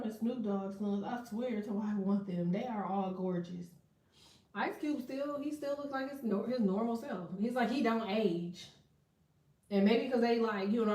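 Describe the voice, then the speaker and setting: A woman's voice: medium pitch, a little mellow, distant mic. A woman chatting casually on a livestream, telling stories with lots of swearing and laughter. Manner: profane, candid storytelling with laughter. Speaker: tarot and astrology reader. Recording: echoey room, voice set back from the mic.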